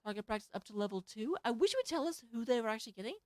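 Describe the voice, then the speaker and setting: A woman with a Southern US accent casting an esports match, rattling off stats and filling pauses. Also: fairly high pitch, expressive, no echo. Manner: rapid, filling dead air with stats. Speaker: esports caster. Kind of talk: play-by-play esports commentary.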